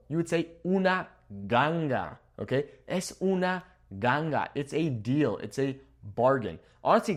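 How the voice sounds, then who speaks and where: A young man teaching a Spanish vocabulary lesson at a whiteboard, upbeat and playful, with a laugh at his own jokes. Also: mid-range voice. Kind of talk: video language lesson. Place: room with a whiteboard.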